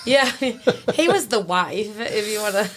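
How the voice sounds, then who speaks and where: A woman's voice: mid-range voice, animated, a little slow, noisy background. A woman, a podcast guest telling stories in casual chat, laughing often and acting out quoted voices.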